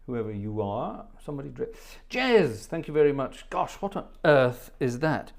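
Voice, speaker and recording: A cheerful middle-aged man hosts his own live stream from a home studio, drifting from joke to joke as he greets viewers one by one. His voice sits at an ordinary middle pitch, and the talk is loose, playful and unhurried. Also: very animated, vocal fry. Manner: jovial, rambling, reads out chat names with playful jokes. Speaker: live stream host and organist. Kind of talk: chatty live stream banter.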